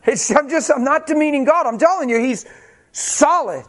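High-voiced man preaching a story. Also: moderate pace. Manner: animated, self-mocking, acts out quotes. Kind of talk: sermon with personal storytelling.

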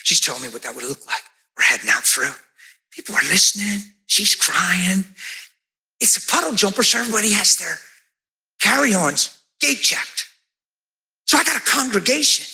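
Very high, bright-voiced male preacher. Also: normal speed, pauses often, poor audio. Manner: animated storyteller, acts out dialogue. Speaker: pastor. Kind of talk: sermon storytelling.

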